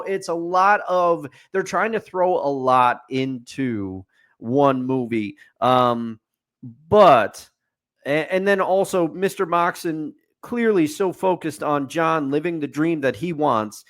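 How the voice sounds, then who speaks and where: A man with a fairly high-pitched speaking voice, talking through a movie in relaxed podcast chat. He is opinionated and builds his case point by point, ticking items off like a checklist. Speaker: podcast co-host. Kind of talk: casual movie review chat.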